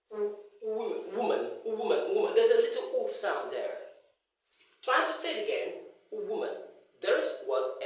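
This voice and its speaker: A man teaching English pronunciation in a classroom lecture, repeating words over and over for emphasis. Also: very high voice. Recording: echoey room, mic far off.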